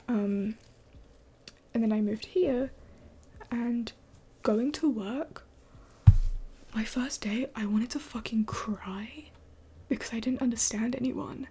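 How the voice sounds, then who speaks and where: A woman's voice: fairly high pitch, dark tone, a little hiss or hum. A young adult woman streaming live late at night, mostly whispering as she answers chat in a blunt, swearing way.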